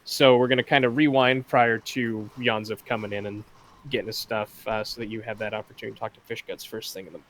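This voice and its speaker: A man narrating a tabletop game as game master, in a relaxed, laid-back way. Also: on the low side, quick pace.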